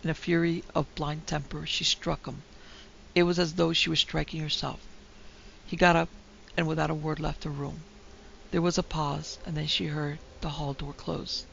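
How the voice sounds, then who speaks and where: A woman narrating a classic ghost story in a measured, dramatic way. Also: sits low, little pitch movement, vocal fry, a bit bright. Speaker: narrator and producer. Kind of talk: scripted horror story narration. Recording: dull lo-fi recording with faint hiss.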